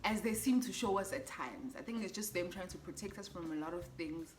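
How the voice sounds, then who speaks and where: A young woman with a South African accent tells a personal story in a vlog, in a lively, exclaiming way with frequent laughs. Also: lowish voice, a little fast. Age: young adult. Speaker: vlogger.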